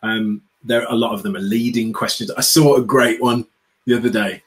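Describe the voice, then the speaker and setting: A man's voice: lowish voice, fairly even intonation, normal speed, rough recording. An outspoken man from the UK with a British accent, a guest in an interview, talking sarcastically and acting out little quotes. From United Kingdom. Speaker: guest, customer experience speaker. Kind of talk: animated interview chat.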